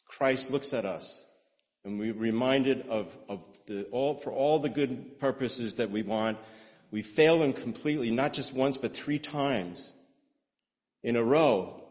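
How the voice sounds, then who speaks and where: A man preaching a sermon in an animated way, with rhetorical questions and repeated words. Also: mid-range voice, measured pace. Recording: long hall reverb.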